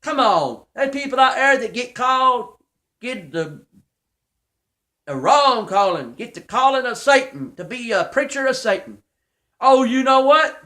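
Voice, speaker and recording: Folksy male preacher, high and bright-voiced, fervent, small home-office church. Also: expressive, measured pace. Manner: folksy, fervent, talks straight to critics. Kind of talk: informal online sermon.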